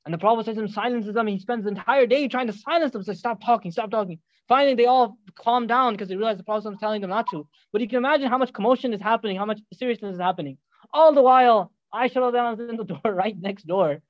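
A man preaching, retelling a story in an animated way with joking asides to the audience. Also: sits high, very fast, dry recording, lo-fi sound. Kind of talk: sermon storytelling.

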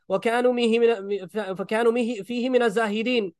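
A man preaching a sermon, retelling a story with animated acted-out voices and frequent laughs. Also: extremely high pitch, rapid-fire, few pauses, smooth, no echo.

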